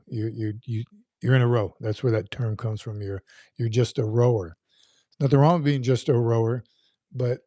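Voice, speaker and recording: A man in his fifties chats casually through a livestream, rambling and circling back over his words as he reads comments aloud. His voice has a mellow, relaxed tone, and the sound is dry and close with no room around it. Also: mid-range voice, dry recording. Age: 50s. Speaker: livestream host.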